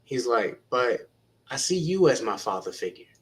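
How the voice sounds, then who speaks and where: A man's voice: medium pitch, big pitch swings, normal speed, rough recording. A man who is a teacher, earnestly encouraging young people in a panel talk and retelling conversations with students.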